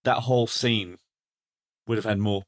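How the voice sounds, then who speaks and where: A man co-hosts a podcast, chatting casually about a film with lots of restarts and fillers. His voice is fairly low and steady, and he speaks at a measured pace.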